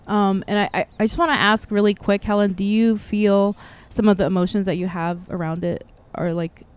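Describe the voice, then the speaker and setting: A woman's voice: medium pitch, flat delivery, moderate pace, clear, resonant tone. Chatty woman podcast host. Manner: casual, uses many fillers, warmly encouraging. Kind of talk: casual podcast interview.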